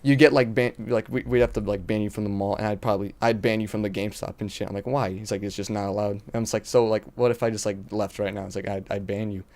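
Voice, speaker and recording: A man's voice: on the low side, fairly even intonation, fast, hardly any pauses, darkish tone. A young man co-hosting a podcast, telling a profane story in casual chat. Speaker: podcast co-host.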